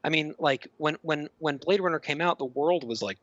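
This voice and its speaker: A man's voice: fairly high pitch, normal speed, fairly bright tone, no room sound. A man co-hosting a podcast, talking through film ideas in a rambling, thoughtful way. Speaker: podcast co-host. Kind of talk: casual film discussion. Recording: dull lo-fi podcast audio with faint background noise.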